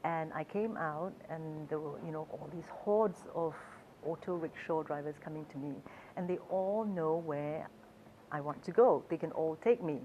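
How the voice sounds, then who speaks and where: A woman's voice: deep voice, moderate pace, narrow, tinny audio, a little hiss or hum. A woman who is a travel author, telling stories in a chatty, hesitant way with fillers and frequent laughs. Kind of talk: storytelling talk.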